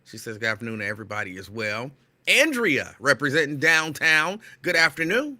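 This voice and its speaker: Excitable bright-voiced male show host. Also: medium pitch, a little fast. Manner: animated, excitable, loud at times; playful, teasing. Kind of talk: casual live-show chat greeting listeners.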